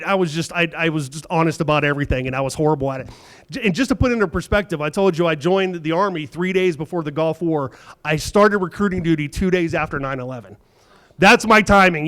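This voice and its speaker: A man's voice: on the high side, fairly bright tone. A man in his fifties doing a stand-up set in a comedy club, telling stories conversationally, acting out the other people in them, and swearing freely. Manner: conversational storytelling, acts out quoted dialogue, swears.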